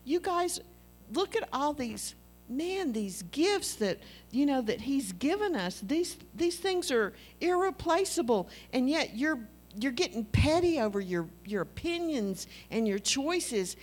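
A woman's voice: high voice, big pitch swings, measured pace. A woman, preaching a sermon in an earnest, conversational way and telling personal stories.

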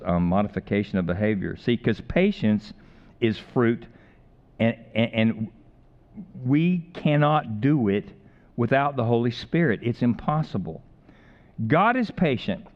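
A man's voice: mid-range voice, animated, unhurried, muffled recording. A man preaching a sermon in a conversational way, with jokes and repeated phrases. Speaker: pastor.

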